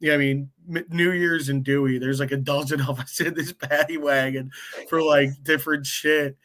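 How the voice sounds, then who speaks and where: A man's voice: fairly high pitch, steady tone, normal speed, a bit bright. Rambling, profane young guy telling a story. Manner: rambling, profane, lots of "like" and "dude". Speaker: guest. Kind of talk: casual storytelling chat.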